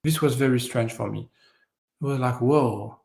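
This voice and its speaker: A man whose first language is French, a guest in an interview, telling stories in a lively way and acting out the voices of people in them. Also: mid-range voice, moderate pace, gravelly. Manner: animated storyteller, acts out voices in his stories. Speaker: guest, energy healer. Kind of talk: storytelling in an interview.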